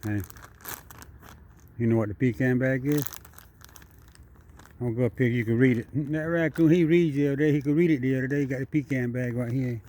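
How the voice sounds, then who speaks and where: A man's voice: mid-range voice, brisk, pauses often, mellow. Chatty man coaxing an animal outdoors. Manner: chatty, repetitive, talks to the animal. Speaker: wildlife video maker. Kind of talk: casual vlog narration. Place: outdoors at night. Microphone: handheld camera.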